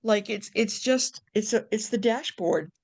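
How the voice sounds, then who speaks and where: A woman nurse chatting on a video call with friends, animated, acting out inner voices, with many restarts and casual swearing. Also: medium pitch, measured pace, vocal fry. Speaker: nurse, book club member.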